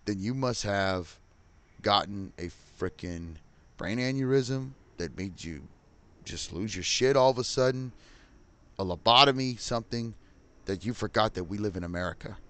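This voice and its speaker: Middle-aged guy ranting into the camera, cussing a lot, low voice that swings up and down, dry sound. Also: expressive, normal speed, pauses often, fairly bright tone, no echo. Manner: heated, profane, repeats "Okay?". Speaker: podcaster and musician. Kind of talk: angry rant to camera.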